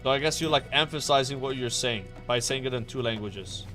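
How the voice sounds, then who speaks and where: A man's voice: mid-range voice, brisk, pushed and bright, faint music behind. A young man chatting casually on a stream, rambling, swearing and filling with "like" and "you know.".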